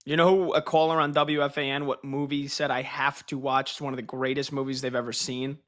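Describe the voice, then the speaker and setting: A man's voice: medium pitch, level tone, a little fast, a bit bright. A man co-hosting a sports radio show, chatting and joking in casual banter.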